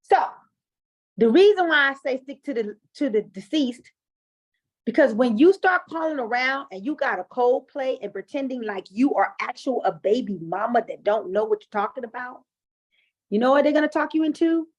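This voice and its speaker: A woman hosting a group coaching call, talking in an animated, chatty way with frequent fillers as she explains and tells stories. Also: high-pitched, normal speed. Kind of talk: coaching talk and personal storytelling. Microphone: online call audio. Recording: dull lo-fi call audio.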